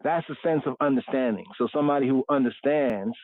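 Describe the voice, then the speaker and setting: A man's voice: medium pitch, dry recording. A man leads a livestreamed scripture lesson, and his voice comes through a thin, tinny, phone-like line with no room sound. He stretches out foreign words and says them again and again. He often stops to ask "right?". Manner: drawn-out repetition of Hebrew words, frequent "right?" check-ins. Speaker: host teaching scripture and Hebrew. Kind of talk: livestreamed Bible study.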